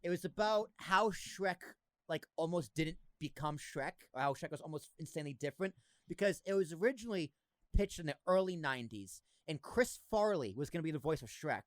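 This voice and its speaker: A young man hosting a podcast, chatting casually in an excitable, joking way with frequent swearing. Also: on the high side, a little fast, no room sound. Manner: excitable, swearing, riffs and jokes. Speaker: podcast host.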